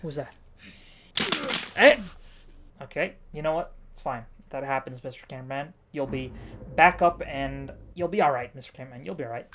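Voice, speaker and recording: A man giving a casual game review while playing, jokey and animated, barking orders at an imaginary cameraman. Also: medium pitch, normal speed, a little hiss or hum. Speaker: gaming YouTuber reviewing a game. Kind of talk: casual game review with live gameplay commentary.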